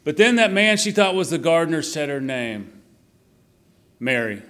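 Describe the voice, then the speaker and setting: A middle-aged man preaching an Easter sermon, with slow, emphatic repetition and quiet, falling line endings. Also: on the high side, lively intonation.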